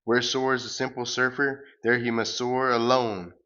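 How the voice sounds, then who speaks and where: A man voicing a goofy, boastful male space surfer hero who talks in an excitable, mock-heroic way. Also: medium pitch, unhurried, lo-fi sound, pitched above the performer's own voice.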